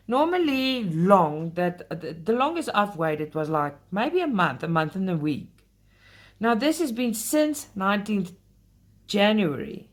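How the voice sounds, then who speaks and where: A woman's voice: mid-range voice, sing-song, a little slow. A woman hosting a casual craft vlog, talking straight to her viewers and getting heated when she complains. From South Africa. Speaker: cross-stitch channel host.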